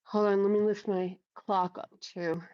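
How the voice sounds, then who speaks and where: A middle-aged woman chats live into her headset mic, blunt and unfiltered, swearing freely and answering viewers as she goes. Her voice sits at an ordinary pitch, and the audio comes through a little dull and lo-fi. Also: flat delivery, measured pace. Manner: blunt, profane, chatty, reads out viewer comments. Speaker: livestream host. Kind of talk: casual live chat. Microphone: headphones with mic.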